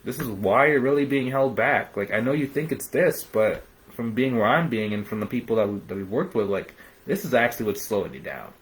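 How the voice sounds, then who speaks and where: A young man hosts a live business training in a loose, high-energy way, full of "man" and "dude". He slips into quick little voices to act out clients haggling. His pitch sits in a middle range for a man. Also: expressive, poor audio. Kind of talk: live-streamed coaching talk.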